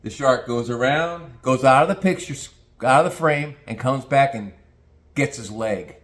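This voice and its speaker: A man's voice: mid-range voice, a little slow, fairly bright tone. An older retired man ranting crudely and mockingly in a casual monologue, telling stories and slipping into put-on voices. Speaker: vlogger. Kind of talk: casual rant.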